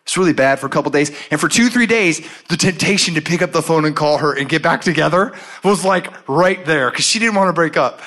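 A man preaching a sermon and telling a personal story, acting out the voices in it with lively storytelling. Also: on the high side, brisk. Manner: animated storytelling, acts out his own and God's lines.

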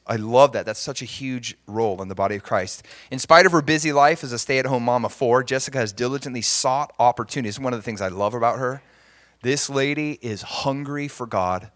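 A man's voice: medium pitch, a bit bright, dry recording. A middle-aged man preaching as a pastor, earnest and emphatic, often restarting his sentences. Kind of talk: sermon.

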